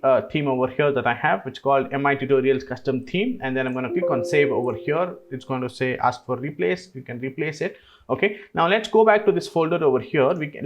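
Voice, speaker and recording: A man hosting a screen-recorded software tutorial, explaining each step in a relaxed way with frequent "uh"s. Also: mid-range voice. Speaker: tutorial host.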